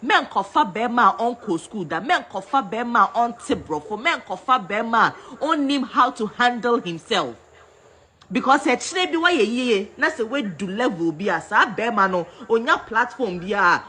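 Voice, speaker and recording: Husky, animated Ghanaian woman scolding. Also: a little high, moderate pace. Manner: scolding, repetitive, switching between English and Twi. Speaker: vlogger. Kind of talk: heated rant to camera.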